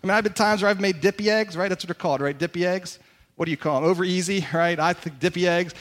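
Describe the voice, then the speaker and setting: Animated high-voiced male pastor preaching. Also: quick pace. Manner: animated, conversational preaching with audience questions. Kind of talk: sermon. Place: church sanctuary.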